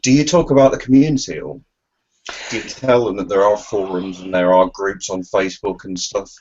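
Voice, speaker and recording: A man's voice: deep voice, steady tone, fairly quick, a little mellow, husky. A man hosting a casual chat show, asking his guests questions. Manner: asks probing questions. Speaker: show host. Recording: dull lo-fi sound.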